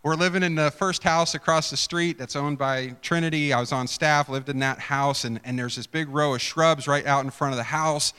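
Animated male pastor in a reverberant hall. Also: a little high, normal speed, few pauses, clear, resonant tone. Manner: animated storyteller, swings from hushed to shouting. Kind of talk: sermon with storytelling.

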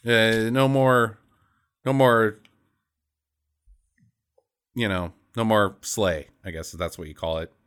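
A man co-hosting a casual podcast chat about a movie, animated, swearing and laughing often. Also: lowish voice, takes it slowly, long pauses, smooth. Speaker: podcast co-host.

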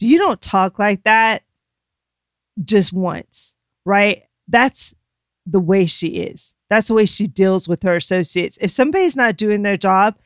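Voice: mid-range voice, a bit bright, no room sound, clean studio sound. A podcast co-host agreeing with the host and giving disapproving commentary.

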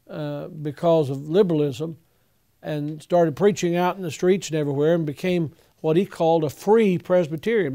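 Earnest older pastor. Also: male voice, on the high side, creaky, warm tone. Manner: earnest, folksy, halting with fillers. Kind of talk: Q&A talk to young preachers.

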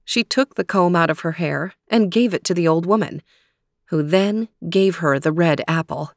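A woman telling a fairy tale aloud in calm, measured storybook narration. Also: on the low side, no echo, clean studio sound. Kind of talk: storybook reading.

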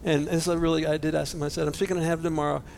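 High-voiced man preaching with fervor. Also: very fast, vocal fry, slight background noise. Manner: animated, swings from loud exclamations to hushed near-whispers. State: choked up with emotion. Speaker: pastor. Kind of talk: sermon.

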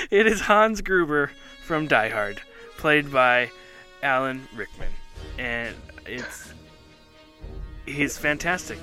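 A man's voice: mid-range voice, lively intonation, takes it slowly, long pauses, sharp tone, faint music behind. A man co-hosting a casual chat show, talking enthusiastically and rambling with many fillers. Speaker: podcast co-host.

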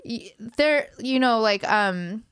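A woman's voice: fairly high pitch, animated, slow, fairly bright tone, clear, resonant tone, dry recording, studio quality. A woman chatting casually about a movie with friends, giggly and full of fillers. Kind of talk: casual chat.

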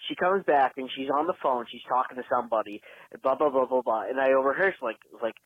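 A frustrated man venting into a voicemail, rambling with lots of likes and restarts. The sound is thin and phone-like, dry and close, at an average pitch. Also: quick pace, no echo. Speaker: caller leaving a voicemail. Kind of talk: ranting voicemail story. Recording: tinny phone line voicemail.

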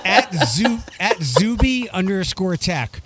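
Animated high-voiced man, rambling chat. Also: slow. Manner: rambling, animated, restarts often. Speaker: podcast co-host. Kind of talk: casual chat.

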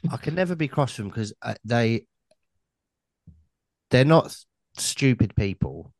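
A man hosting a podcast, telling rambling anecdotes with deadpan punchlines in casual chat. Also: medium pitch, a little slow, dry recording.

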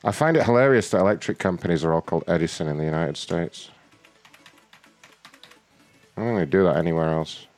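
A man's voice: sits low, a little fast, long pauses, darkish tone, faint music behind. A man hosting a prank call show, brash and profane in casual banter. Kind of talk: casual chat and prank calls.

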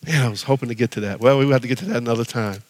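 A man preaching a sermon as pastor, animated, swinging from loud exhortation to hushed prayer. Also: mid-range voice, rapid-fire. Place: church sanctuary. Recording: long reverb of a church hall.

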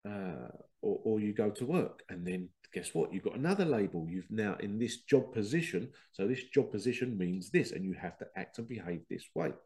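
A man's voice: lowish voice, lively intonation, normal speed, few pauses, dark tone. Emphatic man in spiritual talk. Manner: emphatic, breaks into acted voices of others. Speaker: podcast host. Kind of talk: spiritual self-help monologue.

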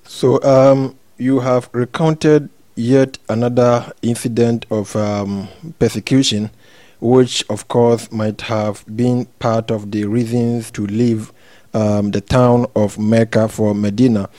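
A male host with a mid-pitched, warm, mellow voice sums up his guest's story. He speaks in a measured way and pauses on "um." He is recorded close and dry. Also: level tone, dry recording. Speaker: interviewer host. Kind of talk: interview recap.

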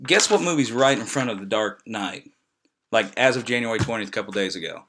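A man's voice: lowish voice, brisk, a bit bright, slight background noise. A man from Indiana co-hosting a podcast, rambling casually with friends. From Indiana, USA. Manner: rambling, restarts often. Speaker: podcast co-host. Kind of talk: casual chat among friends.

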